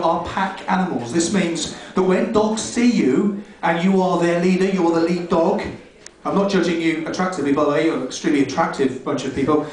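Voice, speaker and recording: A man doing a rambling, rude, self-mocking stand-up set on a comedy club stage, heard from far off in an echoey room. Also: a little high.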